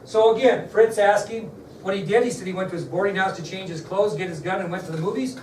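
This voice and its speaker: A man's voice: sits high, fast. Man lecturing a class from across a room. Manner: conversational storytelling, asks the class questions. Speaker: history teacher. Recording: echoey room, mic far off, faint background noise.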